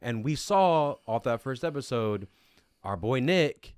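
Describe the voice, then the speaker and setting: A man's voice: medium pitch, expressive, a little slow, clear, resonant tone, no echo, clean studio sound. A man casually recapping a reality show on a podcast, laid-back and swearing freely as he tells stories.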